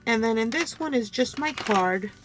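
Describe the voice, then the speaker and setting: Woman gushing over craft goodies at her desk, keeps saying you guys, kinda low energy like she's getting sick, faint music in the back. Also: lively intonation, normal speed. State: low energy, coming down with a cold. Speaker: crafting channel host. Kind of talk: casual show-and-tell unboxing.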